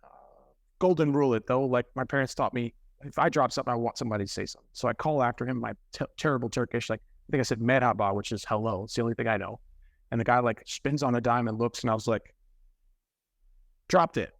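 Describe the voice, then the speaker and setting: A man who is a podcast guest, telling a story in an animated, conversational way with quick self-corrections. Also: medium pitch, creaky, no room sound, clean studio sound.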